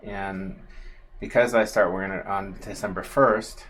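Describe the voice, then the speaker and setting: A man's voice: deep voice, steady tone, a little slow, a bit bright, slight background noise. A man telling a long, casual story on a livestream, full of fillers and asides. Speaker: co-host, husband of the host.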